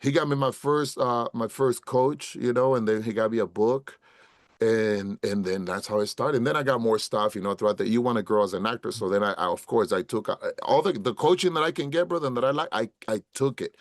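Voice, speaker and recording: In a dry, clean studio recording, a middle-aged man talks fairly quickly at a medium pitch, using street slang. He's an actor guesting on a casual podcast, telling a story animatedly, acting out quotes, and frequently addressing the host as "bro" and "brother."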